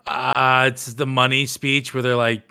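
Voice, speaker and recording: A man's voice: mid-range voice, little pitch movement, measured pace, vocal fry, sharp tone, clear, resonant tone. A man in casual chat, answering briefly and asking easygoing questions.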